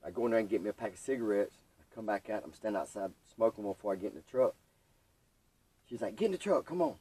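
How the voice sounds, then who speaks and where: A man's voice: fairly low pitch, quick pace, recorded from a distance, low-quality recording. A young man, telling his recovery story as a podcast guest and acting out what others said. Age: young adult. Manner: animated storytelling, acts out quoted voices.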